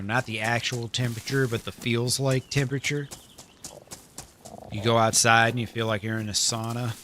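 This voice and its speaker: A man's voice: mid-range voice, bright, forceful tone, slight background noise. A man live-streaming a survival game, chatting casually with his viewers, laid-back, laughing often and swearing freely.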